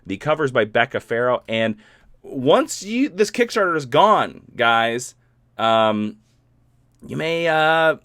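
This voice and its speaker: A man's voice: mid-range voice, big pitch swings, slow, fairly bright tone, dry recording. A man hosting a casual live stream, chatting in a playful, rambling way.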